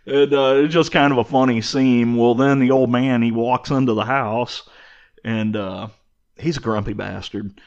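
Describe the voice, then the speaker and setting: A man's voice: mid-range voice, steady tone, moderate pace. A man co-hosting a podcast, casually retelling a movie plot with many fillers. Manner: easygoing, filler-heavy storytelling. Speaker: podcast co-host. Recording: slightly dull, muffled audio.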